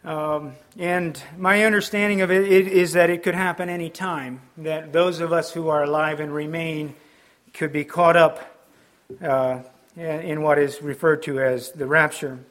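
A middle-aged male pastor gives a sermon in a voice pitched slightly above average for a man. He speaks haltingly, with many ums and restarts. His delivery is earnest and explanatory. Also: steady tone, fairly bright tone.

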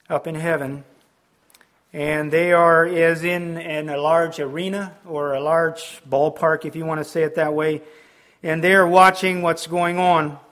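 A middle-aged male pastor gives a sermon in a voice pitched slightly above average for a man. He speaks haltingly, with many ums and restarts. His delivery is earnest and explanatory. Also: a bit bright.

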